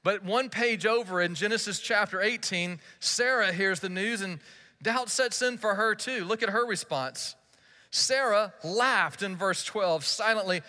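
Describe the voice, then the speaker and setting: A man's voice: high voice, a little slow, sharp tone. A male pastor delivering a sermon, telling the story with playful acted-out dialogue. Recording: large hall with long reverb.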